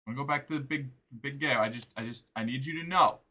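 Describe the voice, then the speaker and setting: A man streaming a game, giving excitable, joking commentary with crude humor. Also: mid-range voice, moderate pace, soft background music. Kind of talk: gameplay commentary.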